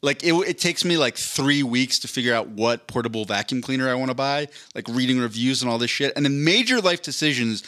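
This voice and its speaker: A man's voice: medium pitch, lively intonation, a little fast, hardly any pauses, a bit bright. A man in his thirties, a podcast co-host rambling casually through a long story, with lots of asides. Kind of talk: casual chat.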